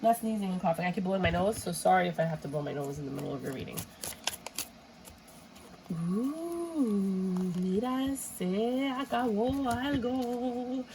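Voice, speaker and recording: Woman, lowish voice, stuffy runny nose, chatty tarot reading, rambling. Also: steady tone, rapid-fire, vocal fry, hardly any pauses, a little mellow, a little hiss or hum, poor audio. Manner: chatty and rambling, drops in Spanish exclamations. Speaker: tarot reader. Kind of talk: casual tarot reading for viewers.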